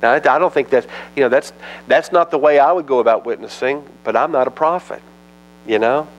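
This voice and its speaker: A male pastor gives a verse-by-verse Bible teaching in a relaxed, folksy way. His voice sits at a middle pitch, and he moves between reading scripture aloud and chatting plainly with his listeners. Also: brisk, highs cut off. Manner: conversational and folksy, acts out scripture dialogue. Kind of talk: expository sermon, Bible teaching.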